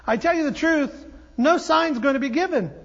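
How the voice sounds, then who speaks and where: A preacher voicing a weary, exasperated Jesus. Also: male voice, very high-pitched, normal speed, vocal fry, fairly bright tone, heavily acted. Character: weary exasperated Jesus, grown man, sighing. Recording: dull audio with long hall reverb.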